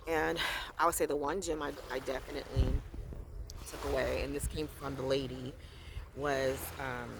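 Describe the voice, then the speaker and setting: A faith vlogger talks into a handheld phone outdoors by the water, in a rambling, emphatic way with lots of fillers and restarts. Faint outdoor water ambience hums behind the voice. The pitch sits in a middle range. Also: slight background noise. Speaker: vlogger sharing faith experiences. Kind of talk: casual faith talk vlog.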